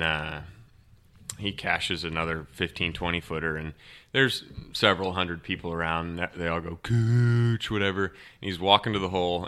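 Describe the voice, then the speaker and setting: A man telling a lively golf story as a podcast guest, acting out what people said. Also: sits low. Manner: animated storyteller acting out quotes. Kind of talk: casual storytelling.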